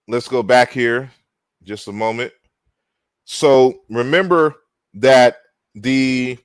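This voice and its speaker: Slow, unhurried male lecturer. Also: lowish voice, no echo. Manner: unhurried, frequent "you know" fillers and restarts. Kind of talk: online lecture walking through slides.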